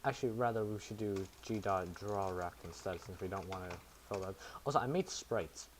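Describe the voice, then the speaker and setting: Low-voiced man thinking aloud while coding. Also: steady tone, fairly quick, slight background noise. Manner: thinks aloud, self-mocking asides. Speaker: programmer streaming to chat. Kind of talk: casual live coding commentary.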